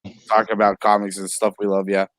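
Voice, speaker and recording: A man's voice: fairly low pitch, completely flat delivery, rapid-fire, fairly bright tone, no echo. A man hosting a casual video-call chat, rambling and laughing easily. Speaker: host.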